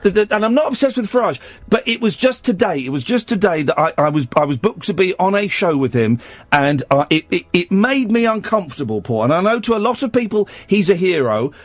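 A man's voice: sits high, very animated, fairly quick, no echo. A man hosting a late-night radio phone-in, bantering with callers and often stammering over his words.

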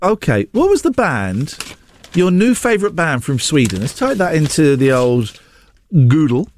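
A man's voice: a little high, unhurried, slight background noise. A man hosting a radio breakfast show, chatting and arguing in a mock-indignant, bantering way. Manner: animated, mock-indignant, argumentative.

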